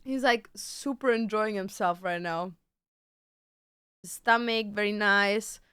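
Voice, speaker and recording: A woman's voice: mid-range voice, slow pace, bright, forceful tone, clean tone, dry recording, clean studio sound. A woman streamer chatting casually at home with a cat on her lap, swearing now and then and reading viewer questions aloud. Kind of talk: casual live-stream chat.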